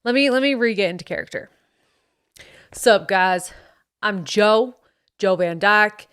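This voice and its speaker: A boastful young bro dad influencer, played by a woman, who swaggers through his slang with a faint southern twang. The voice is smooth and clean at a middling pitch. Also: animated, moderate pace, a bit bright, no echo, clean studio sound. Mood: braggy. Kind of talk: comedic character monologue.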